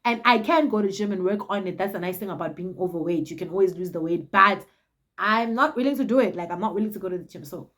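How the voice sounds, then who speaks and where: A South African woman in her twenties, telling a casual storytime in an animated, dramatic and cheeky way. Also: mid-range voice, fast. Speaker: vlogger.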